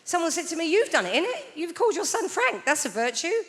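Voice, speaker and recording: This stand-up comedian, a woman in her forties, tells dry, chatty stories on a theatre stage, putting on mock voices as she goes. Her voice is very high and a bit bright, swinging widely in pitch as she talks fast, with the room's reverb and background noise audible.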